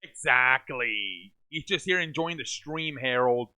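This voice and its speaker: A man hosting a live sports reaction stream, scolding chat viewers over and over and calling the plays in a loud, repetitive way. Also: mid-range voice, lively intonation, moderate pace. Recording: dull lo-fi stream audio.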